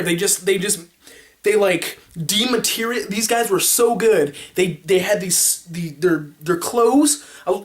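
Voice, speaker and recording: A man vlogging, telling a story casually to the camera, rambling and animated, making his own sound effects. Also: high voice.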